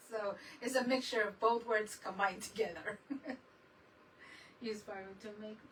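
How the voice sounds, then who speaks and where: A woman's voice: mid-range voice, slow pace, recorded from a distance, a little hiss or hum, rough recording. A woman chatting casually on a crafting livestream, laughing often and mixing Spanish words into her English.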